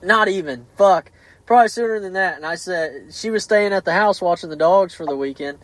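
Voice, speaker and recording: A man hosting a podcast, telling stories in an animated, profane way with many restarts. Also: high-pitched, brisk, dry recording, low-quality recording. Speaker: podcast host. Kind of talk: casual podcast chat.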